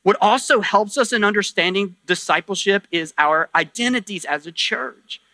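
A man's voice: high voice, moderate pace, bright, forceful tone, dry recording. A male pastor preaching a sermon, emphatic, with rhetorical questions and repeated phrases. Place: church sanctuary.

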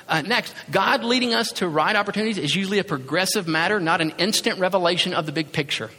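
A man's voice: high voice, quick pace, few pauses, pushed and bright. A man preaching a sermon as a pastor, talking conversationally and acting out little asides. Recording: reverberant hall sound.

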